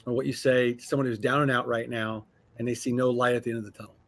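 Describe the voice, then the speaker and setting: A man's voice: mid-range voice, flat delivery, fast talker, fairly bright tone. A man hosting an interview, asking questions in an appreciative, encouraging manner. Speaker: podcast host.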